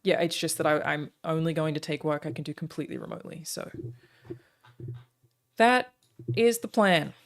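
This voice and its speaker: This Australian woman speaks low-pitched as she chats casually with those watching her stream. Her talk is full of "um" pauses, and between stretches she thanks viewers by name.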